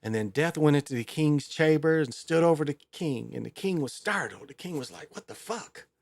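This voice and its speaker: A man's voice: fairly high pitch, fairly quick, vocal fry, no echo, studio quality. A man hosting his own show in a rambling, crude, casual monologue full of fillers. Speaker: show host.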